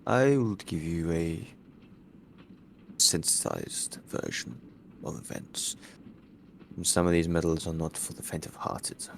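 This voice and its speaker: A very deep, gravelly voice belonging to a courtly gentleman officer, reserved and formal, as a man plays him. A faint hiss of noise sits under his measured words. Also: big pitch swings. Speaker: player. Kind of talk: in-character tabletop role-play.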